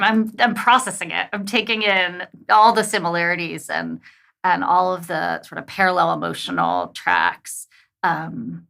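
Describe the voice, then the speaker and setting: A woman co-host with a low, gravelly voice. She answers slowly and hunts for her words, repeating herself as she thinks aloud. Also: bright, forceful tone. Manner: responsive listener, slow and searching when she speaks.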